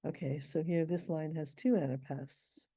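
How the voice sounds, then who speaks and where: A middle-aged woman teaching how to scan poetry, thinking aloud and reading verse lines slowly and deliberately. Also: deep voice, steady tone, warm tone, breathy edge, dry recording. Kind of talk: informal scansion lesson.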